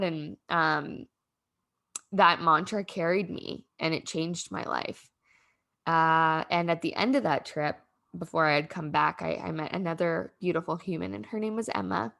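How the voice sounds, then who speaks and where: A young woman hosting a podcast speaks in a fairly low, creaky, slightly bright voice at a somewhat slow pace. She tells a personal story in a casual, rambling, heartfelt way, full of "like," and is emotional and close to tears at times.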